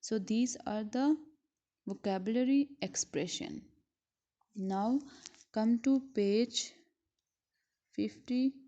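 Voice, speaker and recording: A woman teacher from Pakistan giving a school lesson, speaking slowly and repeating words syllable by syllable. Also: on the high side, mellow. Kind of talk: recorded classroom lesson. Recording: dull lo-fi recording.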